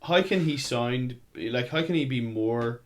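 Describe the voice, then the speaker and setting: A man's voice: mid-range voice, measured pace. A middle-aged man co-hosting a podcast, chatting casually about movies and rambling with many fillers. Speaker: podcast co-host.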